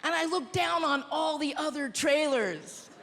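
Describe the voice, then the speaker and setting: A woman performing a stand-up comedy routine on a theater stage, with brash, punchy delivery and loud punchlines. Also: high voice, lively intonation, a little slow, slight background noise. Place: large theater stage before a live audience. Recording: echoey hall with crowd laughter.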